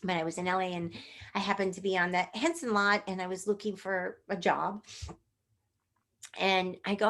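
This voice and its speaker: A middle-aged woman with a mid-range voice tells stories with bubbly energy. She puts on voices for the people she quotes. Her talk is animated and expressive. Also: medium pitch, moderate pace. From Northern California. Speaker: guest puppeteer. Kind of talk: animated interview storytelling.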